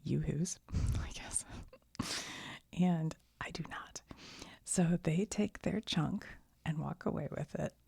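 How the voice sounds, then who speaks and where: Gravelly, breathy soft-spoken woman. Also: sits low, takes it slowly, long pauses, no room sound, clean studio sound. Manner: soft-spoken, often slipping into a whisper; rambling, chuckles through the story. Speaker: ASMR channel host. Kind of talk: soft-spoken ASMR storytelling.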